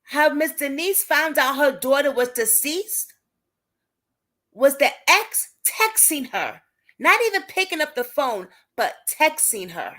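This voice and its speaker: A woman's voice: high-pitched, very animated, slow pace, sharp tone. Indignant Brooklyn woman chatting live. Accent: Brooklyn New York. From Brooklyn, New York. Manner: talks to viewers by name, emphatic and indignant. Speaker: host of an advocacy livestream. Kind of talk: casual livestream chat.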